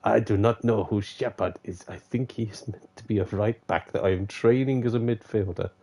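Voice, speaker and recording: A man's voice: fairly low pitch, fairly even intonation, normal speed, warm tone. A man streaming a football manager game, chatting casually, muttering to himself and laughing often. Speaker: gaming streamer. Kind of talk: casual live gameplay commentary.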